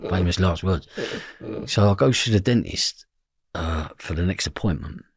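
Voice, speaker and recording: A man's voice: sits low, unhurried, husky, dry recording. A man with a London Cockney accent, telling a story as an interview guest, acting out the voices in his quotes and swearing freely. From East London, England.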